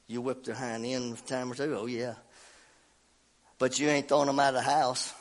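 A middle-aged man, preaching and telling a homey story in a folksy, animated way, his voice congested from a cold. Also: mid-range voice, normal speed. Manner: folksy, animated, laughs at himself. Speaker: pastor. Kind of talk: sermon with personal story.

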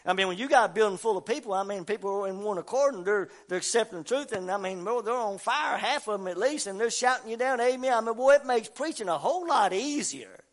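A man preaching a fervent sermon, swinging between quiet talk and shouting. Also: high voice, expressive, fast, hardly any pauses. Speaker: pastor.

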